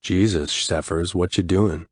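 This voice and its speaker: A man's voice: low-pitched, fairly even intonation, unhurried, dry recording. A man reading the lines of a blunt, exasperated young man who swears freely.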